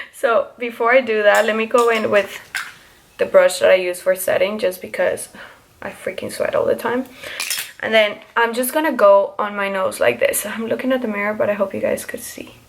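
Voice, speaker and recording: A young woman talks through her makeup routine in a relaxed, chatty way, full of little fillers as she explains each step. Her voice sits at an ordinary middle pitch for a woman. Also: normal speed, vocal fry, a little hiss or hum. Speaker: beauty vlogger. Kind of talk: casual makeup tutorial.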